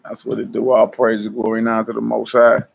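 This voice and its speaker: A man's voice: lowish voice, completely flat delivery, fast, vocal fry. A man hosting a casual ministry livestream, greeting viewers by name, hyping them up and laughing often. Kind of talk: casual livestream chat before prayer.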